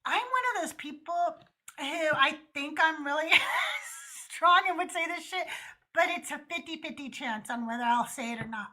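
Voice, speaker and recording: Blunt, bright-voiced woman host. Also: high-pitched, moderate pace. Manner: candid, blunt, swearing freely, animated storytelling. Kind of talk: casual call-in chat.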